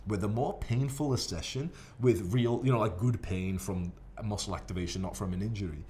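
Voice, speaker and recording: Profane, rambling man with a lowish voice. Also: a little fast, slight background noise. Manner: profane, rambling, animated storytelling. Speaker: fitness vlogger. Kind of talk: casual monologue to camera.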